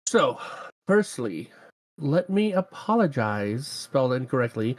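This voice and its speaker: A man co-hosting a podcast, reading a listener's email aloud haltingly in casual chat. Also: on the high side, expressive. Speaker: podcast co-host.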